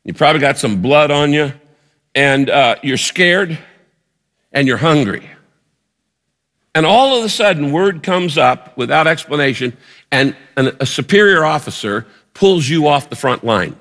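A man's voice: a little high, animated, measured pace, a bit bright, big-room sound. A male pastor preaching a sermon, painting a vivid story for the congregation and repeating words as he builds a point.

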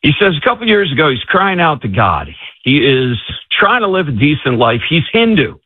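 A man, an author and guest, telling a story with lively delivery and acting out what others said. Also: fairly high pitch, moderate pace, breathy edge, dry recording. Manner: lively, acts out others' dialogue. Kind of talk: animated storytelling in an interview. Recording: tinny, dry phone-line sound.

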